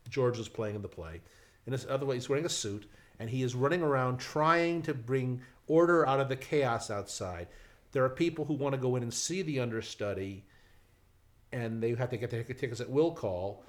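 Man telling a lively anecdote. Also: mid-range voice. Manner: animated, acts out quoted voices, restarts. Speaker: storyteller guest. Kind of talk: casual anecdote.

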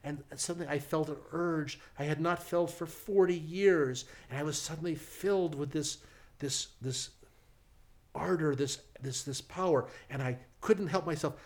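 An earnest elderly husband at confession, as a man puts him on, hushed and halting. He talks low and soft, stumbling as he owns up. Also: close to an everyday voice.

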